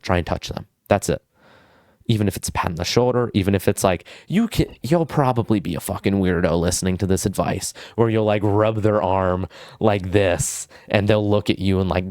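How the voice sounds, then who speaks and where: A man's voice: fairly low pitch, expressive, brisk, a little mellow, dry recording, studio quality. A young man vlogging casual social advice, goofy and full of swearing and fillers. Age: young adult.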